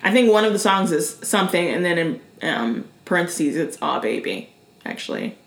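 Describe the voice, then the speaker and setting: A woman co-hosting a podcast in casual chat, animated and slangy, laughing often. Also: on the low side, brisk, reverberant. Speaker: podcast co-host.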